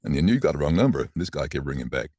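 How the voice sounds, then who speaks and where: A man in his sixties with a deep voice, telling stories in a casual interview and acting out the voices of people he quotes. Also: quick pace, husky, no room sound. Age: 60s. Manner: animated, acts out quoted voices. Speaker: voice actor guest.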